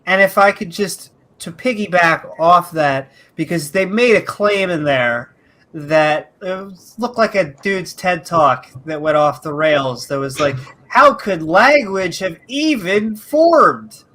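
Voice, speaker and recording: A man on a panel in a casual skeptic chat, talking in an animated, jokey way with plenty of fillers. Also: fairly high pitch, a little slow. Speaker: panelist on a skeptic discussion show.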